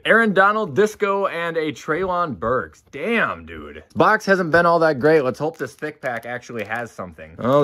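Lively-voiced young man vlogging casually. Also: fairly high pitch. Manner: excited, chatty, swears casually. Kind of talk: casual card-opening vlog. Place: home basement.

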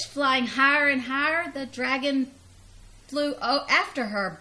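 A woman's voice: sits high, measured pace. A grandmother reading a children's storybook aloud expressively, laughing and leaping up on the cries. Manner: expressive, laughing, big vocal jumps on cries.

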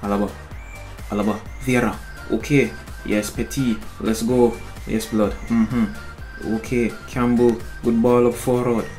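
A young man, excitably commentating his own football gameplay in a slangy, chatty way, talking straight at the screen. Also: mid-range voice, measured pace, soft background music. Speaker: gaming channel host.

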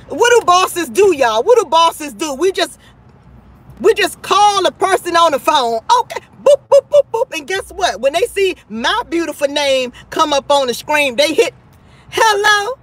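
A woman in her thirties hosting a live stream, chatting in a lively, gossipy way and calling her viewers "child" and "honey". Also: very high-pitched. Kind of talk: casual live-stream chat.

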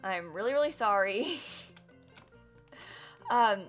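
A woman's voice: mid-range voice, lively intonation, slow, a bit bright, faint music behind. A woman live-streaming a building game, chatting casually with her viewers, giggling and teasing herself as she works. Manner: chatty, giggly, self-mocking, talks to chat.

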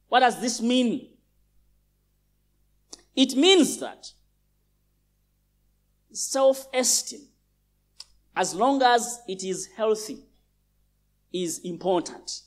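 A male pastor from Uganda preaching a sermon in a large church, emphatic and repeating phrases for stress. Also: high-pitched.

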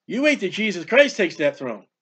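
A man's voice: high-pitched, very animated, normal speed, a bit bright, husky. A man preaching a Bible teaching with fervent delivery, firing off rhetorical questions and declaiming scripture. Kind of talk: sermon-style Bible teaching.

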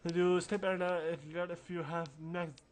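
A man's voice: high voice, flat delivery, normal speed, slight background noise. A man giving casual, rambling commentary over a role-playing game walkthrough, mumbling through asides. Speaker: let's play narrator.

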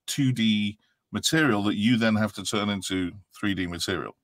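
A man's voice: fairly low pitch, moderate pace, dry recording, studio quality. A man with a Dublin Irish accent, a voice actor and former dialect coach, chatting casually on a livestream panel and telling stories with stammered repeats. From Ireland.

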